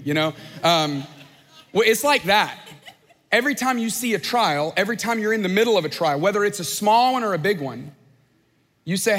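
A man's voice: high-pitched, fairly quick, a bit bright. A man preaching a sermon in a conversational, joking way, slipping into playful voices. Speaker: pastor. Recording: long hall reverb.

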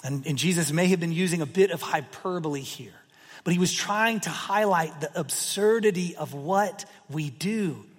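A man preaching a sermon and retelling a parable with animated, emphatic repetitions. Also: high-pitched, husky. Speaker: pastor. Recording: long reverb of a hall.

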